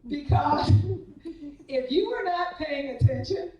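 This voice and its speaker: High-voiced woman telling teasing coaching stories. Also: lively intonation, takes it slowly, a little mellow. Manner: teasing anecdotes, acts out quoted voices. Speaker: tennis coach giving a banquet speech. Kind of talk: humorous after-dinner speech. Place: banquet hall at a club. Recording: echoey banquet hall, mic from a distance.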